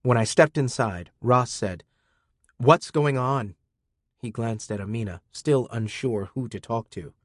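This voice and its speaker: A man narrating a first-person audiobook in a dry, deadpan manner. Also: on the low side, moderate pace, few pauses, dry recording.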